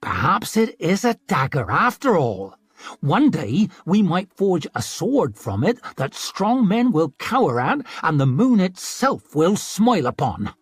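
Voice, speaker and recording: A man's voice: high voice, sing-song, unhurried, husky, no room sound, studio quality, voice pushed up, exaggerated voice. A man reading an audiobook, voicing a fierce warrior woman who taunts her captive in a hard-edged way. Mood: taunting.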